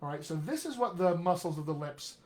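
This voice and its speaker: A middle-aged man, a dialect coach, giving an energetic, jokey live-streamed lesson, often checking in with "all right?". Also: fairly high pitch, a little fast. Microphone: webcam or computer mic on a live video stream.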